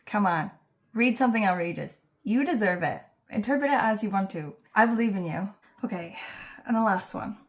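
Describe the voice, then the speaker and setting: A woman's voice: medium pitch, lively intonation, brisk. A woman hosting a book channel, talking casually to camera with lots of fillers and playful asides. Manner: chatty, many fillers, playful and self-teasing. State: fighting back tears. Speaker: booktube host announcing a reading challenge.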